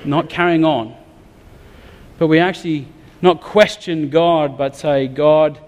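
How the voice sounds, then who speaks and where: A man's voice: on the high side, steady tone, a little slow. An Australian man preaching a sermon, talking candidly and conversationally with some humor. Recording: long reverb of a large hall.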